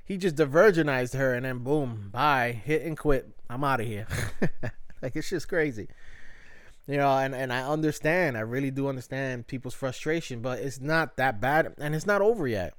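A man's voice: mid-range voice, normal speed, dry recording, studio quality. A man talking casually and profanely about a TV series, with lots of fillers and restarts. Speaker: show reviewer. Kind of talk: casual TV review rant.

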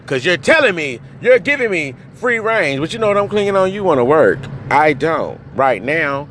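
A man crying and ranting in anger and hurt, swinging between yelling and low muttering, recorded outdoors near traffic. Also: very animated, moderate pace. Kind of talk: emotional rant to camera.

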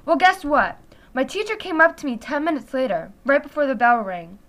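A teenage girl telling a casual storytime, chatty and animated, filling her talk with "like". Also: sits high, fairly quick. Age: teens. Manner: chatty, heavy use of "like", animated retelling. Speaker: vlogger.

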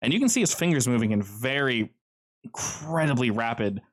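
A man running a tabletop game as game master, his mid-range voice unhurried and measured. He paints scenes with ominous, deliberate narration. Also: medium pitch, lively intonation. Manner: slow, ominous descriptive narration.

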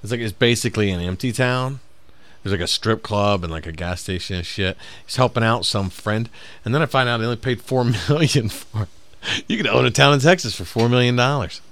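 A man co-hosting a podcast, ranting in an exasperated, animated way with lots of swearing in casual chat. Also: medium pitch, brisk.

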